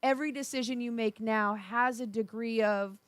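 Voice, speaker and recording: A woman's voice: on the high side, steady tone, moderate pace, dry recording. Earnest woman co-host, dry sound. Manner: earnest, explaining, uses "right?" often. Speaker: radio co-host. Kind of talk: casual talk radio conversation.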